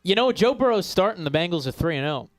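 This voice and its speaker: Male co-host, slightly high voice, dry studio sound, emphatic and laughing. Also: sing-song, quick pace, dry recording. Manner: laughs often, emphatic and chatty. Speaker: sports talk show co-host. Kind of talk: casual sports betting chat. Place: radio studio.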